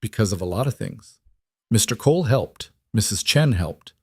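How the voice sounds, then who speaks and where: A man voicing a tender, weary widowed mother in a western story, speaking softly. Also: on the low side, animated, normal speed, husky, no echo, clean studio sound.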